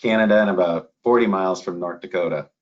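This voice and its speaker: Low male voice, Minnesota accent, doctor guest, folksy and easygoing, muffled lo-fi audio. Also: quick pace. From northern Minnesota, USA. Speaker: chief medical officer, guest. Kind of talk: conversational interview.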